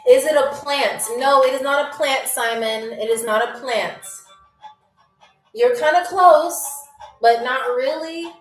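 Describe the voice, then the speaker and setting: A playful, teasing woman hosts a live online quiz, greeting viewers like airline passengers and fighting back giggles. Her voice sits fairly high and her delivery is unhurried. She sounds set back from the mic in an echoey room, with faint music underneath. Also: far from the mic. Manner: playful, teasing, often stifling laughter; plays a flight attendant welcoming passengers. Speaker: game show host. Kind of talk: live-stream quiz hosting, reading viewer comments.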